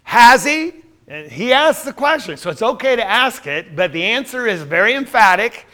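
A man's voice: high-pitched, big pitch swings, moderate pace, pushed and bright. A man teaching a Bible class, quizzing his listeners with questions and then answering them himself.

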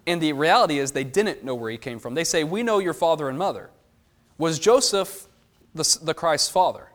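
A man leading a Bible study, explaining verses and asking the group questions in an animated way. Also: a little high, brisk. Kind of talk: teaching a Bible class.

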